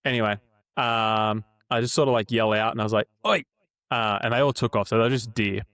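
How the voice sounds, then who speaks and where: Brisk and lowish in pitch, with a clear, resonant tone, an Australian co-host in his twenties or thirties rambles through an animated anecdote. It's casual storytelling chat, and he's relaxed and swears freely.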